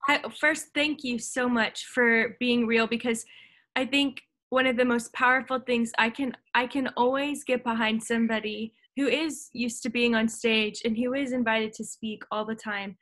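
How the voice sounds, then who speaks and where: A woman with a fairly high voice hosts a podcast, responding to her guest in an affirming, encouraging way. She speaks conversationally, building on his points. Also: fairly even intonation, normal speed, fairly bright tone. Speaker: podcast host.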